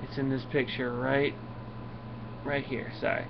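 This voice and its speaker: A man's voice: medium pitch, level tone, a little slow, creaky, muffled recording, noisy background. A man casually reviewing a comic book, rambling with many fillers and reading the dialogue aloud. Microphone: camera mic.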